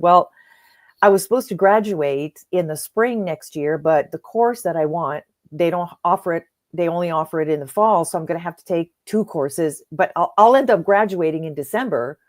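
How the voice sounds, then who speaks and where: A middle-aged woman coach, a podcast guest, telling a personal story in an earnest, animated way and acting out the dialogue. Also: on the low side, a little fast. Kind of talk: conversational storytelling.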